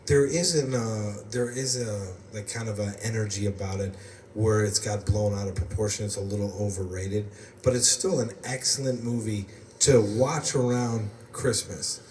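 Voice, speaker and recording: A man's voice: on the low side, fairly even intonation, normal speed, a little mellow. A man from the United States hosting a podcast, telling rambling stories in casual chat and laughing often. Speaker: podcast host. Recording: roomy, distant mic, faint background noise.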